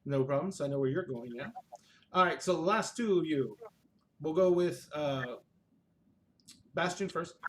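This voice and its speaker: A man narrating as game master over a video call, easygoing and relaxed. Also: a little high, normal speed, long pauses, a little hiss or hum.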